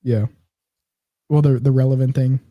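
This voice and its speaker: A man's voice: mid-range voice, flat delivery, moderate pace, no echo, highs cut off. A man in casual conversation, laid-back and offhand, swearing casually. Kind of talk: casual chat.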